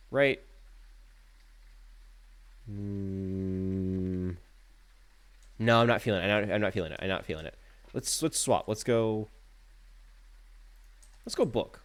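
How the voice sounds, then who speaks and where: A man streaming a horror game live, talking to himself with jokey, animated commentary while keyboard clicks sound behind him. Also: fairly low pitch.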